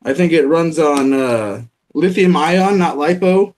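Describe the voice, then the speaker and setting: Giggly male host, slightly high voice. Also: lively intonation, a little slow, a little mellow. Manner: laughs often, self-deprecating. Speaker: podcast host doing live unboxings. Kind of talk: casual chat.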